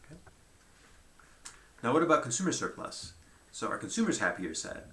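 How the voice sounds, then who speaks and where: Gravelly-voiced man lecturing in an echoey room. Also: medium pitch, big pitch swings, fairly quick, pushed and bright. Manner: conversational, thinking aloud with frequent "right?" and "um". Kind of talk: whiteboard economics lecture.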